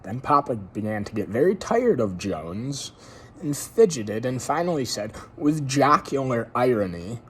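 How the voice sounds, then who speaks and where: Lively casual male story reader. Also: mid-range voice, unhurried, slight background noise. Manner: relaxed, chatty asides to listeners. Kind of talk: casual read-aloud storytelling.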